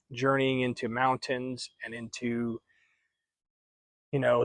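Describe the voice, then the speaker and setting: A man's voice: mid-range voice, dry recording. A man giving a casual, rambling book review, often correcting himself as he goes. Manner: chatty, rambling, self-correcting.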